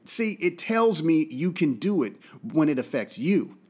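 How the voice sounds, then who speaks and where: An American man giving an impassioned commentary monologue. He talks angrily and emphatically, repeats his points for force, and swings between loud outbursts and quiet, low drops. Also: sing-song, unhurried, husky. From United States. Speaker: political commentator.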